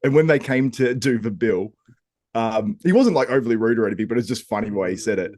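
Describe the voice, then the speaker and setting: A young man telling a lively story on a casual podcast, laughing often. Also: mid-range voice, quick pace, dry recording, clean studio sound. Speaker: podcast host.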